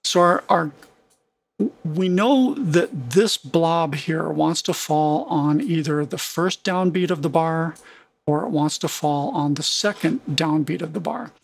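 A man teaching music production in a relaxed screen-recorded tutorial, humming rhythms to make his points. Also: a little high, takes it slowly, vocal fry, husky.

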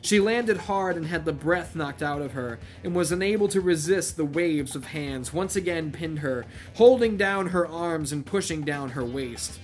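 A channel host, male, reads a novel aloud as a comedic read-through, cutting away from the text for wry asides. His voice sits on the high side and sounds animated, moving at a moderate pace with hardly any pauses. Faint music plays in the background.

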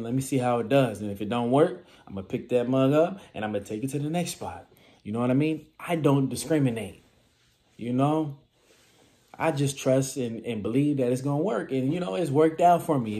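Casual, darkly mellow man giving advice. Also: medium pitch. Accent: Californian. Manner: animated, acts out little scenes and quotes. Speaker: vending machine business vlogger.

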